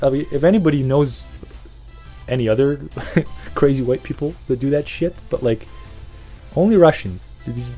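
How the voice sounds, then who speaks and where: A man's voice: mid-range voice, dark tone. A man hosting a podcast, rambling through a profane, casual rant and laughing often. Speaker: podcast host.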